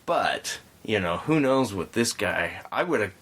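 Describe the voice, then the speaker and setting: A man hosting a podcast, telling a story in a relaxed, rambling way with frequent restarts. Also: on the low side, slow. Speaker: podcast host. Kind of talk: casual storytelling chat.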